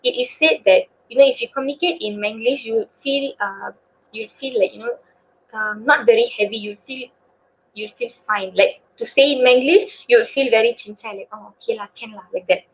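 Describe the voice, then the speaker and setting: A woman's voice: on the high side, normal speed. Chatty young Malaysian woman presenting. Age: young adult. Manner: chatty, filler-heavy, casual. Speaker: student presenter. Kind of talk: webinar presentation. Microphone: video call. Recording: dull lo-fi call audio.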